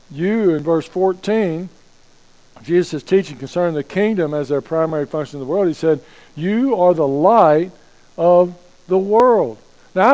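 A man preaching a sermon as pastor, slowing down to stress key phrases and asking rhetorical questions. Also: fairly high pitch, a little mellow, rough recording.

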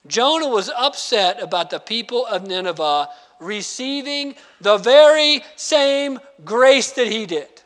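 A man preaching a sermon, animated, acting out quoted lines and reading scripture slowly. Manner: animated, acts out quoted lines with sudden pitch jumps; reads scripture slowly and deliberately. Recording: long hall reverb.

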